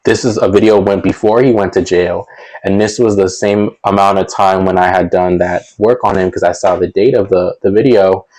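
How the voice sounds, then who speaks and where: A man's voice: deep voice, fairly even intonation, moderate pace, darkish tone, poor audio. Rambling young man telling a storytime tale. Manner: rambling, many fillers and restarts; chuckles between sentences. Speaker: storytelling vlogger. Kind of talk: casual storytime monologue.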